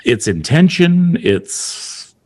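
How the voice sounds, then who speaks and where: A man's voice: on the high side, very animated, very slow, a little mellow. A man hosting a podcast conversation, speaking reflectively and often repeating words as he searches for them. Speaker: podcast host.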